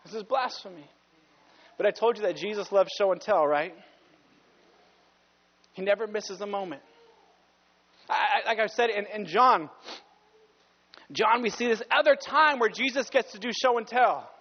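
A man's voice: high voice, normal speed, long pauses, in a large hall, highs cut off. A male pastor preaching a sermon with passion, sometimes stopping to correct himself.

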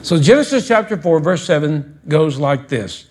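High-voiced scolding preacher man. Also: expressive, moderate pace. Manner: preachy and scolding, builds to fervent. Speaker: pastor. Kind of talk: sermon. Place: church sanctuary.

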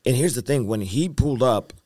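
A man's voice: mid-range voice, expressive, brisk, darkish tone, breathy edge, dry recording, studio quality. A male evangelist, the interview guest, tells his story in an earnest, rambling way with repeated phrases and fillers. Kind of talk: testimony in a podcast interview.

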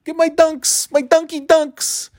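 A man putting on a shrill mocking New Englander. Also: level tone, a little mellow. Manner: high-pitched, drawn-out mocking voice.

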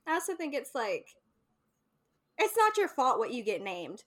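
A woman's voice: a little high, very animated, normal speed. A woman co-hosting a casual book chat, blunt and wry, swearing freely as she gives her opinions. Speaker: book podcast co-host.

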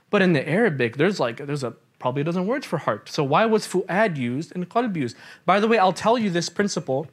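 A man teaching a live class on scripture, chatty and engaging, often quizzing his audience with questions and breaking into asides. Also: fairly high pitch. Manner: chatty with many asides and restarts. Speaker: Islamic teacher.

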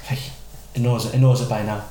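A man answering quickfire questions in a casual podcast chat, laid-back and brief. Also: mid-range voice, flat delivery, mellow. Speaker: podcast co-host. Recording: echoey room with background noise.

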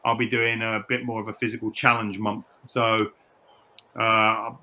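A man's voice: on the low side, level tone, unhurried, bright, forceful tone, a little hiss or hum. A middle-aged man from the United Kingdom, a personal trainer, talking reflectively in a candid interview, often repeating words and restarting sentences.

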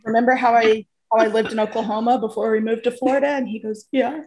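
A woman's voice: on the high side, steady tone, quick pace. A young woman co-hosting a casual podcast, telling a family story and often laughing through it. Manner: laughs through her story, drops to a soft aside for quotes. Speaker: podcast co-host.

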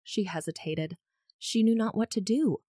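A woman co-hosting a casual book podcast, reading narration aloud and chatting in an expressive, lively way. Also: medium pitch, moderate pace, no room sound, studio quality. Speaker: podcast co-host.

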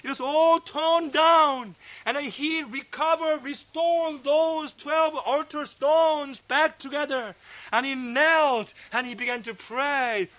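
A man preaching a sermon, fervent and emphatic, sometimes dropping to a low hush. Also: fairly even intonation, slow pace. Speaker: pastor. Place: fellowship meeting hall.

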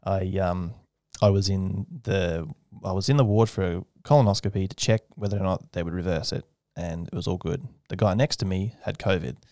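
A young man chats as an interview guest in a fairly low voice. He tells his story with animation, often jumping high to mimic other people. The sound is dry and close. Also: normal speed, hardly any pauses, warm tone, no echo. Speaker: aerospace engineer guest. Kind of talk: casual interview conversation.

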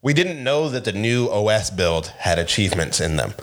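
A middle-aged man co-hosting a podcast, telling animated stories in casual chat and laughing often. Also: on the low side, moderate pace. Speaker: podcast co-host.

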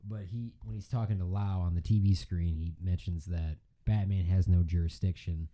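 Young male co-host, deep, very dark and mellow, lively jokey delivery. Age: young adult. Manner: jokey, quick to laugh along. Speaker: podcast co-host. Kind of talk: casual chat.

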